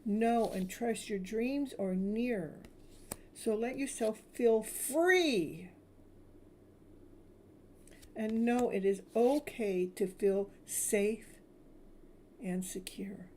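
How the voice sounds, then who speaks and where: A woman tarot reader speaking soothing spiritual affirmations, slowly repeating each phrase. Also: fairly high pitch, darkish tone, a little hiss or hum.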